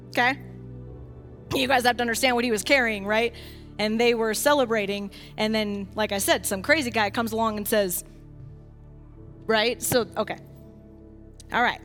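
A woman leading an interactive bible study for a group, swinging from quiet asides to loud, emphatic preaching. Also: high voice, normal speed, long pauses, soft background music. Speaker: bible teacher.

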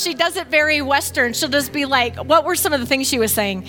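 A woman with a high, bright, ringing voice talks through a point of faith with energy and emphasis. She often drops into acting out what others say, and faint music plays underneath. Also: fairly quick, hardly any pauses. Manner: emphatic, animated, acts out others' words. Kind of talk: casual teaching talk on faith.

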